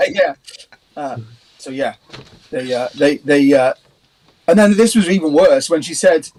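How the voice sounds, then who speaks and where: Man co-hosting his band's stream, chatty, repeats himself, a bit higher voice. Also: unhurried, long pauses, darkish tone, poor audio. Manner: joking storyteller, stumbles and repeats words. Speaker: band member co-hosting a livestream. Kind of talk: casual chat.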